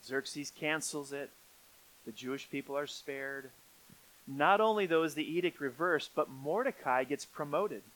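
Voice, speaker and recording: A middle-aged man preaching a sermon, swinging from quiet, low stretches up to emphatic peaks. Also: measured pace, rough recording. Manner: rising to emphatic peaks, then dropping quiet. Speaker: pastor.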